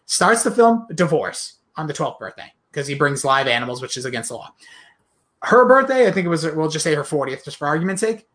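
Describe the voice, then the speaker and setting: A man's voice: fairly high pitch, very animated, brisk, fairly bright tone. A man in his thirties co-hosting a casual movie review chat, rambling and joking and dropping into silly voices. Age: 30s. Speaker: podcast co-host.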